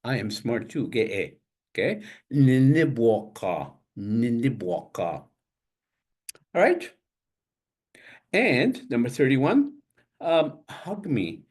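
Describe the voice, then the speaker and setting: An older man teaching a language class over a video call, saying each word slowly several times and spelling it out letter by letter. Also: mid-range voice, big pitch swings, a little mellow, husky. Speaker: language instructor. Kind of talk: online language lesson.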